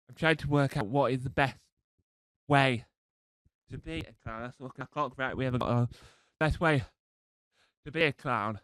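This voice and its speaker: A man's voice: mid-range voice, a bit bright, clean tone, dry recording, low-quality recording. A man with a cold doing a rambling, self-deprecating live stand-up set. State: has a cold. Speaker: stand-up comedian.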